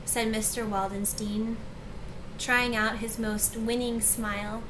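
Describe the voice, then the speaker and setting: Slow, expressive woman teacher reading aloud. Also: mid-range voice, noisy background. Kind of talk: reading a chapter book aloud.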